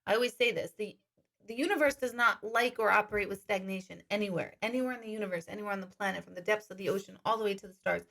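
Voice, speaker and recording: A woman's voice: mid-range voice, fast talker, vocal fry, a bit bright. A woman working as an intuitive medium, chatting casually on a live stream, reading viewer questions aloud and laughing often.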